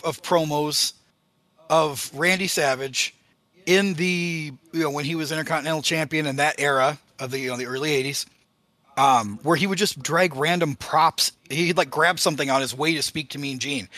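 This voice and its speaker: A man's voice: fairly high pitch, moderate pace, sharp tone, no room sound. A man hosting a casual podcast, telling stories with a laugh and acting out the quotes he recalls. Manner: storytelling, laughs often, acts out quotes.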